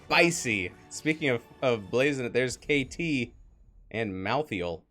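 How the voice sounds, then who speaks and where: Upbeat male caster for a live stream match, lively and playful delivery over faint music. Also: mid-range voice, unhurried. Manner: animated, jokey, laughs often. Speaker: esports caster. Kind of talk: live game commentary.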